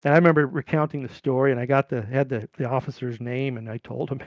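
Middle-aged man from California, gravelly, slightly high, rambling storyteller, dry, dull lo-fi sound. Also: fast, no room sound. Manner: rambling, animated when quoting people. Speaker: podcast guest. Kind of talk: casual storytelling.

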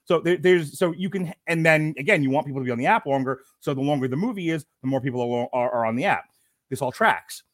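A man co-hosting a casual film review podcast, animated, laughing often and swearing freely. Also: fairly high pitch, quick pace, dry recording, studio quality. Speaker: podcast co-host.

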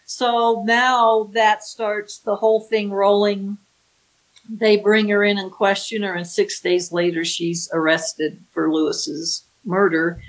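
A woman's voice: lowish voice, rough recording. A woman, an author, recounting a true crime case in a vivid, dramatic way, acting out the quotes. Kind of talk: storytelling with acted-out quotes.

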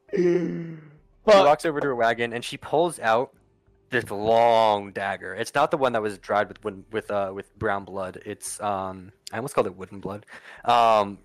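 A man's voice: mid-range voice, a bit bright, no echo, poor audio. A man narrating a tabletop game as game master, casual and profane, with lots of ums and uhs.

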